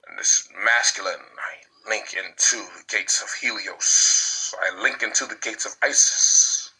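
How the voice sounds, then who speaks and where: A man's voice: fairly low pitch, measured pace, sharp tone, slightly rough, rough recording. A man giving impassioned spiritual preaching, repeating his phrases like incantations and dropping in crude slang.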